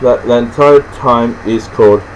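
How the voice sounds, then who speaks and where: Halting Australian man explaining casually. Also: mid-range voice, slight background noise, low-quality recording. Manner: halting, rambling, many restarts and fillers. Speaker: presenter explaining slang. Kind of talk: casual unscripted explanation to camera.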